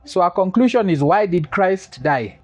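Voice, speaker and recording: A man's voice: sits high, animated, moderate pace. A man preaching a sermon, repeating key phrases for emphasis, asking the congregation questions and adding humorous asides. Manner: quizzes the congregation for responses.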